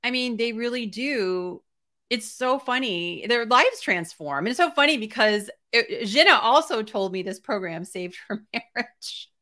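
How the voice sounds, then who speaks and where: Woman host, bright clear tone, animated and talkative coach, casual interview. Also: fairly high pitch, measured pace. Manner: lively, talkative, laughs often. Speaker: art business coach and host.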